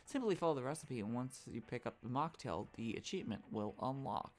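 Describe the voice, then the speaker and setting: A woman's voice: a bass voice, a little fast. A woman streaming a video game, talking casually over her play and reading the game's lines aloud. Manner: animated, reads game lines aloud and trying out character voices. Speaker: gaming streamer. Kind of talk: casual let's-play commentary. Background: faint game music.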